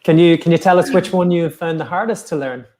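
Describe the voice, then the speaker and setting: Fairly high-voiced male interviewer. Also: fairly quick, a little mellow. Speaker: host. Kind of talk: live interview hosting.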